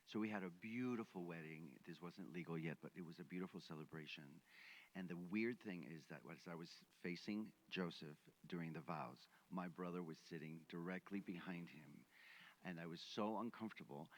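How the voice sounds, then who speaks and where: A man's voice: sits low, moderate pace, rough recording. A middle-aged man, speaking on a conference panel and telling a personal story in an earnest, heartfelt way. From Mexico. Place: conference venue.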